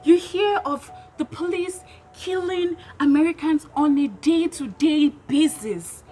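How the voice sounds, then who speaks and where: Very high-voiced woman vlogging. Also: measured pace, mellow. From Nigeria. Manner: emphatic, full of rhetorical questions. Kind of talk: opinionated vlog commentary. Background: background music.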